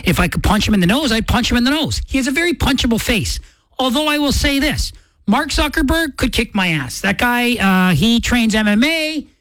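A man hosting a morning radio show, chatting casually in an animated, rambling, self-mocking way. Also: very high voice, a little fast, dry recording, low-quality recording. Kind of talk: casual on-air chat.

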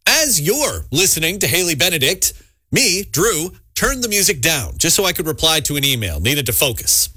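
A man's voice: a little high, bright, forceful tone, no echo, studio quality. A man hosting a radio show, telling a story in a chatty, amused way. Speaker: radio host. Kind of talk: casual on-air chat.

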